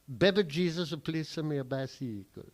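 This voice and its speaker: A man voicing an aggrieved French man recalling his boyhood, with a put-on French accent and deadpan, indignant delivery in a standup bit. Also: a little high, normal speed, natural voice. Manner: indignant, deadpan storytelling with profane punchlines.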